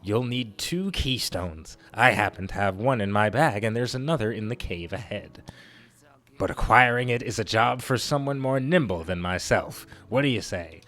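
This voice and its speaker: Guy doing a silly folksy wanderer creature, chatty, pitched up some. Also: expressive, moderate pace, a bit bright. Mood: friendly, curious. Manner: silly put-on voice, folksy drawl.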